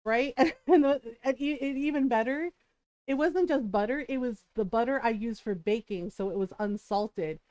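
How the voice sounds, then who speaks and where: A middle-aged woman with a high voice chats on her stream and tells stories from family life. She laughs a lot and keeps checking in with her listeners. Her voice sounds close and dry on the mic. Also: moderate pace, a little mellow, no echo. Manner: laughs often, keeps asking "right?". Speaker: streamer and mother. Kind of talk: casual storytelling chat on a live stream.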